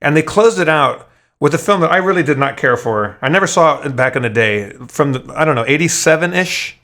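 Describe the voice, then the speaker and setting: A man co-hosting a podcast, telling stories in casual chat, profane and animated, stumbling over his restarts. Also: a little high, fairly quick. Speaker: podcast co-host.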